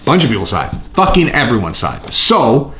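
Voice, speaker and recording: Male vlog host, animated swearing rambler, lively pitch, roomy recording. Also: a little fast. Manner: profane, excitable, rambling. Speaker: channel host. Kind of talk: casual fight commentary vlog.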